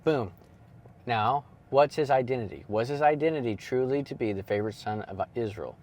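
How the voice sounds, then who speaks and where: A young man hosting a casual Bible teaching from inside a parked car, telling the story in an animated way with lively asides, while crickets chirp outside. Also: medium pitch, moderate pace. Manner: animated storyteller acting out quoted lines. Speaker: ministry host.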